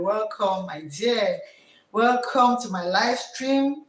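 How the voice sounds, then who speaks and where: A woman's voice: mid-range voice, lively intonation, takes it slowly, distant mic. A woman teacher hosting a live stream with a West African English accent, who greets her viewers by name, repeats her words and encourages them with preachy advice. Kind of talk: casual live-stream talk. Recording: echoey room, voice from off mic.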